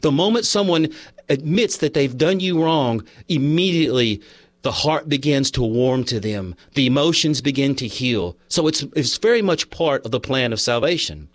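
Man, pastor, sermon, earnest storytelling, mid-pitched voice, dry sound. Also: animated, normal speed, no echo. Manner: earnest, storytelling, reads aloud from a book.

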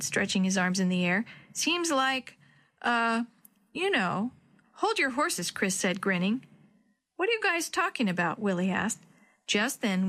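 A woman narrating a children's chapter book, acting the children's lines in a higher voice. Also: a bit bright. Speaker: children's storyteller. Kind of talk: scripted story narration.

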